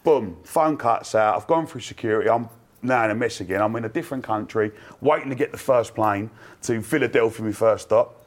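Excitable man telling a wild story. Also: lowish voice, fairly quick. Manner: breathless, laughing anecdote with acted quotes. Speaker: fan panel guest. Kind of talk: animated storytelling.

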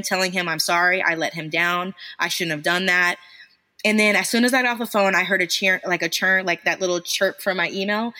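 A woman's voice: lowish voice, pushed and bright. A woman in her thirties, a business founder, telling her story in a casual podcast interview, candid and self-deprecating, swearing now and then.

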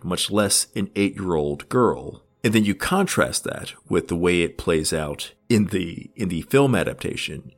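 A man giving an analytical commentary in a measured, thoughtful way, with small restarts as he searches for words. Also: low-pitched. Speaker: video essayist.

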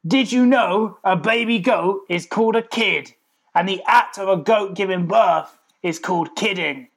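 A man's voice: high-pitched, unhurried, gravelly, fairly bright tone, heavily acted. A man doing a brash hype DJ. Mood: hyped. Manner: brash announcer delivery with a chanted jingle. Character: hyped-up male radio DJ shouting catchphrases.

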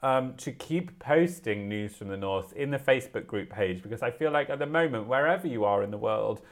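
A man's voice: medium pitch, expressive, a little fast. A young man co-hosting a podcast, reading news stories aloud in a casual chat with playful, wry asides. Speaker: podcast co-host.

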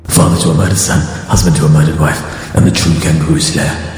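A man's voice: a bass voice, level tone, a little fast. A man putting on a grim, vengeful gladiator-style kangaroo slayer in a mock epic trailer voice. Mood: solemn. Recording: echoey with long reverb and loud music.

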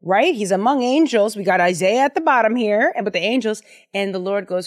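A woman's voice: mid-range voice, lively intonation, brisk. A young woman casually leading a Bible study, enthusiastic and chatty with lots of fillers.

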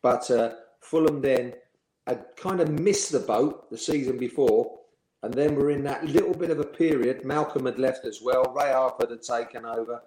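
The interviewee, once a professional footballer, has a mellow, mid-range voice and speaks at a normal speed. Amused and chatty, he laughs through his stories, and the space around him echoes.

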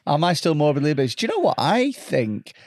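A man's voice: a little high, wildly swooping pitch, brisk, dry recording. A man co-hosting a comedy podcast, answering the jokes in a dry, wry way. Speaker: podcast co-host. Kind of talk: comedy banter.

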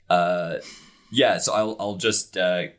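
A man's voice: deep voice, steady tone, drawn-out words, a bit bright. A man playing a tabletop role-playing game, speaking hesitantly and laughing often. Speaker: player.

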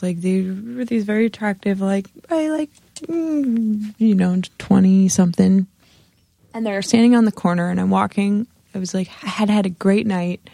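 Woman with a creaky, dry voice. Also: mid-range voice, no room sound. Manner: storytelling, heavy use of "like", animated quoting. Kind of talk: casual chat.

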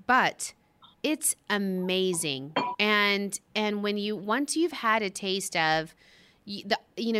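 A woman's voice: medium pitch, bright, forceful tone, clean tone. A middle-aged woman from the US West Coast hosting a casual chat, enthusiastic and chatty, often restarting her sentences. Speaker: host.

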